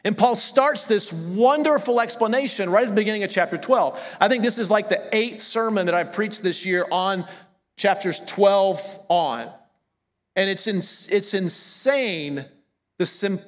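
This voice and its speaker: A middle-aged pastor with a Southern accent preaches in a high, bright voice. He talks in a loose, conversational way, stopping to correct himself and then pressing his points with emphasis. His voice carries with a long reverb from the church hall. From American South. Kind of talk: sermon. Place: church sanctuary.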